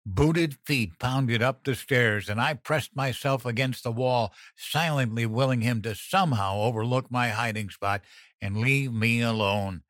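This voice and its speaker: A man reading a first-person horror story as an audiobook narrator, tense and measured. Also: medium pitch, fairly bright tone, dry recording, studio quality.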